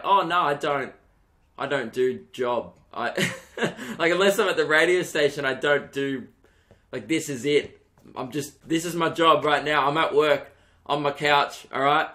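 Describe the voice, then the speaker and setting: A young Australian man, a comedian hosting his own podcast from his lounge room, rambling and mocking himself with quick asides. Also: fairly high pitch, a bit bright. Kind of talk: casual solo podcast rant. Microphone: desk podcast microphone.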